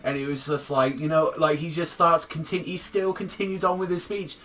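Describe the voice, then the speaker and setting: A man casually recapping a manga chapter, rambling and excitable, swearing a lot and filling his talk with "like". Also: a little high, fairly quick. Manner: rambling, profane, heavy use of "like", excitable. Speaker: manga reviewer.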